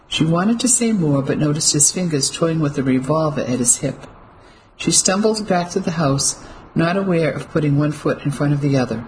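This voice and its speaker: Measured audiobook narrator, faint background noise. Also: medium pitch, rough recording. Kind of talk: scripted narration.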